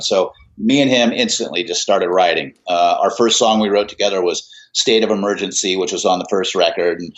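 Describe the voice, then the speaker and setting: Middle-aged musician guest, low voice, rambling anecdotes, lo-fi sound. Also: male voice, steady tone, a little fast, hardly any pauses. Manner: rambling, many fillers and restarts. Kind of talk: casual anecdotal storytelling. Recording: dull lo-fi audio.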